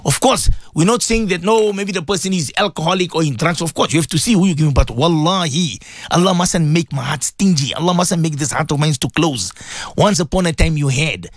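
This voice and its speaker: A man presenting live on radio, giving religious advice in an emphatic, repetitive way that swings between loud exhortation and low earnest tones. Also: brisk, no room sound, clean studio sound. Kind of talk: live radio preaching talk.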